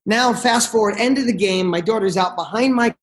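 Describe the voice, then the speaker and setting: A middle-aged man speaks as a podcast guest, launching into motivational stories with real passion. His delivery is rapid and driven, loose and casual, with the occasional swear word thrown in. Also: high voice.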